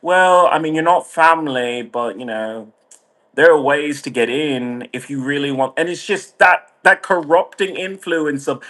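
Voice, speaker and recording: A man's voice: fairly high pitch, unhurried, fairly bright tone. A man delivering a heated, sardonic monologue full of swearing, speaking as a vlogger. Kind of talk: ranting monologue.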